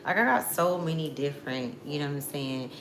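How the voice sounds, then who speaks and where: A young woman with a low voice hosts a casual spiritual vlog, talking in a loose, slangy, rambling way. Her voice carries the echo of a bare room with a faint hum of ambience behind it. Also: animated, a little fast. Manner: loose, rambling, slangy, repeats "you know what I'm saying". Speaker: spiritual vlogger and psychic.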